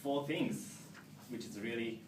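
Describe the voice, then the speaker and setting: A man's voice: medium pitch, unhurried, background noise. Young Japanese man, echoey distant recording. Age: young adult. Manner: hesitant, many fillers and restarts, friendly. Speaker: returning exchange student. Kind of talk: informal presentation to an audience. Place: meeting hall.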